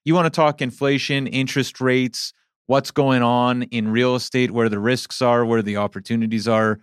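A man's voice: medium pitch, fairly even intonation, clean tone, no room sound. Easygoing podcast co-host man, dry sound. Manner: brisk announcer-like plugs, easygoing. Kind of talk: casual podcast chat.

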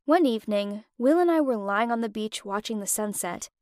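High-voiced young woman narrating a story. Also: moderate pace, no room sound, clean studio sound. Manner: emotional, expressive storytelling. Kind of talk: first-person story narration.

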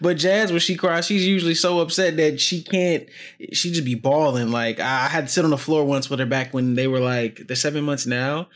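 A young man, a new father, chatting casually and telling lively stories with his friends. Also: fairly quick. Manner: animated storyteller, quotes himself in higher voice. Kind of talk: casual chat among friends.

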